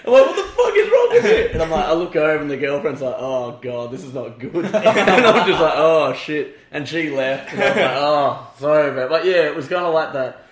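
A young man telling a story in casual chat, animated and laughing. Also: fairly high pitch, moderate pace. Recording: echoey room.

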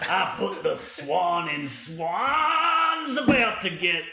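A man voicing a boastful burly male ballerina wrestler, hammy and gravelly, in an echoey room with laughter around. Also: sits high, animated, takes it slowly, music in the background, exaggerated voice. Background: group laughter.

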